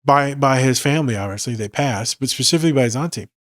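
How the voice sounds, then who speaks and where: A man's voice: mid-range voice, fast, dry recording. Tired male therapist-host, loose profane chat, dry recording. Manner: casual, profane, conversational. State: tired, yawning. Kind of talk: casual solo podcast talk.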